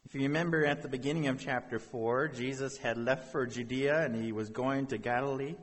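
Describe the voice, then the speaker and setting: A male pastor delivers a sermon, reading scripture and talking it through with his listeners in an earnest, conversational way. His voice has a husky, breathy grain. It rings with the long reverb of a large hall. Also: medium pitch, fairly even intonation, fairly quick.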